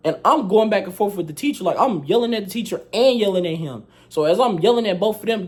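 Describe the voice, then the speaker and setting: Young guy telling a storytime, slangy and worked up, kinda high voice. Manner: animated, slangy, profane retelling with acted quotes. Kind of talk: casual storytime.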